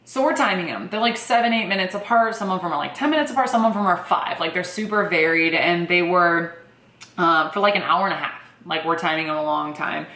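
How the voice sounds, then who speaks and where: A young woman casually telling her birth story in a chatty, animated way, full of fillers. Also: lowish voice, brisk, roomy sound.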